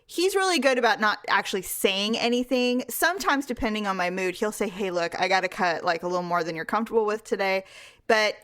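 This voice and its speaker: A woman's voice: mid-range voice, fairly quick, smooth. A middle-aged woman co-hosting a podcast, telling a family story in casual chat and acting out the voices she quotes. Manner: animated storytelling, acts out quoted voices, laughs often. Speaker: podcast co-host.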